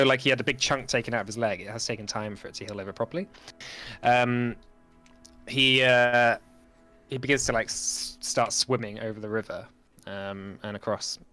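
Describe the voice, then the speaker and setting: A man's voice: mid-range voice, fairly bright tone. A man running a tabletop game as game master, narrating hesitantly with many fillers. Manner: hesitant, many ums and likes.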